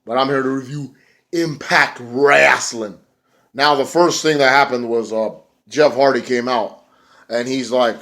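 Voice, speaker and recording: Guy rambling through a wrestling recap on camera, cussing, loose and chatty, mid-pitched voice. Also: unhurried. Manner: animated, does loud mocking voices for wrestlers. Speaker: wrestling reviewer. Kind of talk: casual video review, profane. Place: indoors, rain heard outside.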